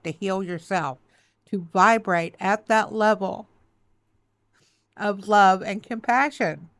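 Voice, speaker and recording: A woman's voice: mid-range voice, no echo. A woman giving a tarot reading, choked up and tearful, repeating soothing affirmations. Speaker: tarot reader.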